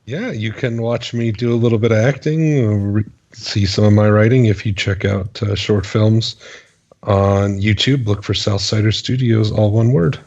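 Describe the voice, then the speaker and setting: A man with a somewhat low voice chats casually on a podcast. He jokes easily and talks up his own projects. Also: fairly even intonation, normal speed, a little mellow, highs cut off. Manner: jokey, plugs his work. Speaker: podcast guest. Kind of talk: casual chat.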